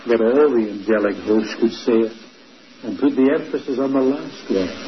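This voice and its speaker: A male preacher giving a sermon, slow and emphatic, dwelling on repeated words. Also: medium pitch. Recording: dull lo-fi recording, faint noise.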